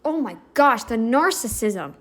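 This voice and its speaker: Slow, higher-voiced indignant woman. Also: sing-song. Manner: indignant, emphatic, talks back at the screen. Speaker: reaction video host. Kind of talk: reaction commentary.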